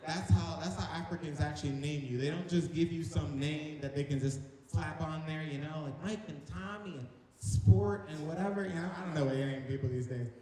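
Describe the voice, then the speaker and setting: Young male stand-up, playful and chatty, slightly high voice, heavy reverb. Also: a little fast, hardly any pauses, mellow. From North Carolina. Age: young adult. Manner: playful, chatty, audience-teasing. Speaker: stand-up comic. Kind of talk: stand-up comedy. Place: large echoing hall on stage. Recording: echoey hall reverb.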